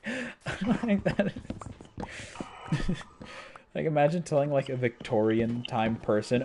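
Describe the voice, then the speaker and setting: Male streamer host, casual rambling chat, mid pitch, faint noise. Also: big pitch swings, takes it slowly, pauses often, darkish tone. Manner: rambling, restarts, laughs often.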